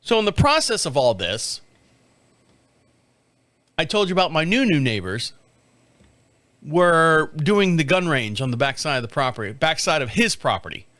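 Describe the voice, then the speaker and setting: A man's voice: fairly high pitch, normal speed, long pauses, no echo. A man in his fifties telling a long, profane story in casual chat, acting out the people he quotes. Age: 50s. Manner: profane, animated, mimics others in quoted dialogue. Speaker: podcast host.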